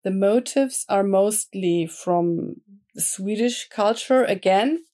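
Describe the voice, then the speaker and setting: A woman answers interview questions at an unhurried, thoughtful pace. Her voice is warm and mellow, never bright. She often stops to search for the right word. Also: medium pitch. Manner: thoughtful, searching for words, frequent fillers. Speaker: interview guest, comic artist and painter. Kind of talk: casual interview conversation.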